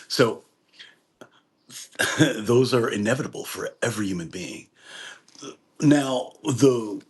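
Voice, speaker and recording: A man's voice: lowish voice, slightly rough. A man hosting a live gratitude talk, rambling and casual, with frequent restarts. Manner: rambling, with many restarts and laughs. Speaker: host of a gratitude workshop.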